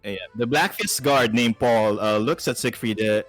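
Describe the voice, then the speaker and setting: A man narrating as game master, relaxed and chatty, with frequent filler sounds. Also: medium pitch, moderate pace, hardly any pauses, faint music behind.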